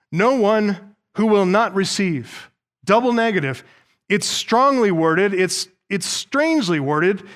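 A male pastor delivers a sermon in a fairly high voice. He speaks emphatically and keeps drawing his listeners in with rhetorical questions. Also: fairly bright tone.

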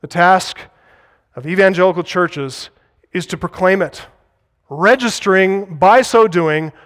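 A man's voice: sits high, a little slow, fairly bright tone, big-room sound. A man preaching an expository sermon as pastor, with an earnest, emphatic cadence.

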